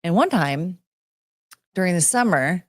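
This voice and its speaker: Woman streamer, lowish voice, rambling and giggly, excited greetings and mumbled asides, dry close sound. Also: unhurried, no echo. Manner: rambling and giggly, with lots of fillers and restarts; jumps between high excited greetings and low mumbling asides. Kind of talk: casual chat reading out chat names.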